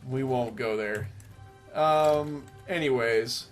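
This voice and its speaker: A man's voice: medium pitch, slow, faint music behind. A man casually commenting on a strategy game he is playing, rambling and cracking self-mocking jokes. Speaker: let's play commentator.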